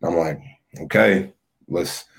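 A man with a very deep, low voice talks casually on a podcast as a guest. He tells his story in a loose, relaxed way, leaning on filler words as he goes. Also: unhurried, vocal fry. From Philadelphia area. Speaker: podcast guest, youth minister.

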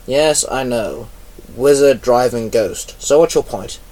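A curt, grudging mentor , as a man reads him out mutters his lines low and dry. He sounds irritated and reluctant. The mic sits a little away from him. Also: takes it slowly, dark tone, close to an everyday voice. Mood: grumbling. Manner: mutters curtly. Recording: voice a bit far from mic.

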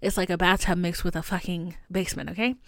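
Animated young woman telling a story, dry close mic. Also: quick pace, no echo. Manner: animated, swearing, acts out quotes in a high voice. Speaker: podcast host. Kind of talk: casual storytelling to listener.

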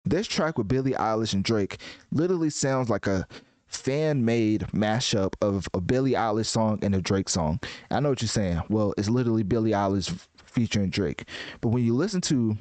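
A man giving casual music commentary in a rambling, animated way, often restarting his sentences. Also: fairly low pitch, moderate pace, no echo.

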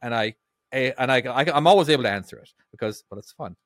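A man's voice: mid-range voice, quick pace, no echo, studio quality. A man co-hosting a casual podcast, rambling with many restarts and frequent laughter. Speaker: podcast co-host.

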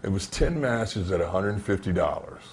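A former pro wrestler recounts stories from his career in an interview, speaking at a moderate pace with a low-pitched voice over a little hiss or hum. He's an animated storyteller who acts out the quoted dialogue.

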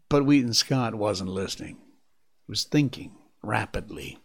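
A man narrating a classic adventure novel in a deliberate storytelling manner. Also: medium pitch, lively intonation, gravelly. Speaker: audiobook narrator.

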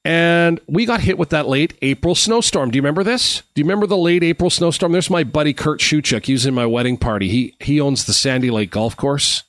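A man's voice: on the high side, a little fast, hardly any pauses, a bit bright, no echo. A middle-aged man from Canada, hosting a live stream and telling rambling, friendly anecdotes with lots of fillers and restarts. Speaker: host. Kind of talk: casual storytelling on a live stream.

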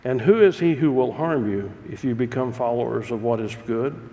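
A pastor preaching a sermon, telling stories in a folksy, earnest way. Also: male voice, mid-range voice, moderate pace, mellow, dull audio. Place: church sanctuary. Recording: long reverb of a large hall.

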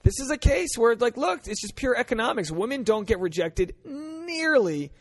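A man's voice: extremely high pitch, very animated, normal speed. Blunt, crude male comedian podcaster. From Rhode Island. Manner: blunt, crude, jokey, acts out voices. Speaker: podcast host.

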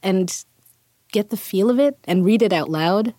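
A woman co-hosting a podcast, a literature teacher talking in an animated, chatty way. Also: medium pitch, a little slow, no room sound. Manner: animated, chatty, many "like" and "you know" fillers. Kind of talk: casual discussion.

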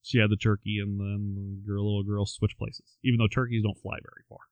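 A man's voice: fairly low pitch, flat delivery, brisk, darkish tone, smooth, no echo. A man co-hosting a podcast, telling a life story and reading quotes aloud, with wry asides between them. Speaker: podcast co-host. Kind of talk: storytelling chat.

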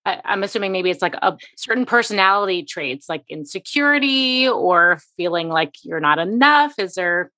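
A woman's voice: mid-range voice, animated, moderate pace, few pauses, pushed and bright, no room sound. A woman podcast host asking thoughtful, probing questions in a casual chat.

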